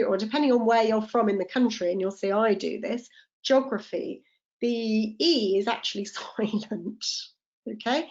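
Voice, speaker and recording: A woman's voice: fairly high pitch, creaky, dull audio. A woman, a tutor running a live online teacher-training lesson, explaining step by step and checking in with the group. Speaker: TEFL tutor.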